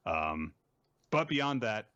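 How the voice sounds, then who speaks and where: Man recapping comics, lively pitch. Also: slow, clean tone, no echo, dull audio. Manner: jokey, puts on high voices for quoted characters. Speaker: podcast host recapping manga. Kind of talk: casual recap chat.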